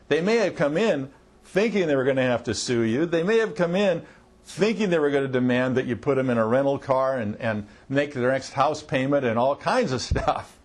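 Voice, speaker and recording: A man's voice: medium pitch, lively intonation, moderate pace. A middle-aged man coaching auto service writers in a conversational training talk, acting out what customers and staff say. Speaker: marketing coach.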